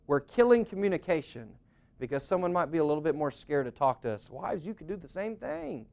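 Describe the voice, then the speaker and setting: A man's voice: a little high, sing-song, fairly quick, creaky, a little mellow. A middle-aged man preaching a conversational sermon on marriage, earnest and plain-spoken, often acting out what spouses say. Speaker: pastor.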